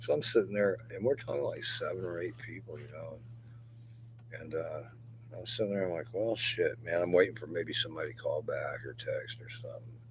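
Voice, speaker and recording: A man's voice: low voice, a little fast, a little hiss or hum, poor audio. An older man rambling through a profane, confessional livestream monologue.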